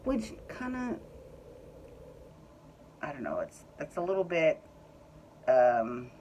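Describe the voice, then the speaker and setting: A woman's voice: deep voice, huge pitch swings, slow pace, a little mellow, a little hiss or hum, poor audio. A woman recapping a reality show in a chatty, opinionated way, swearing freely. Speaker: recap vlogger.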